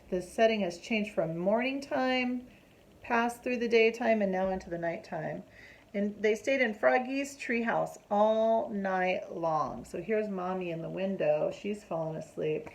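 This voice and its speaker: Woman reading a kids picture book out loud, slow and animated, asks the kids questions. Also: mid-range voice, creaky, poor audio. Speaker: storyteller reading to children. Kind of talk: picture book read-aloud.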